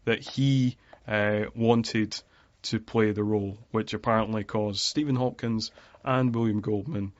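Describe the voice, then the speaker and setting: A man's voice: on the low side, fairly even intonation, unhurried, dry recording, lo-fi sound. A man co-hosting a podcast, chatting casually about a film and sharing research facts. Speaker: podcast co-host.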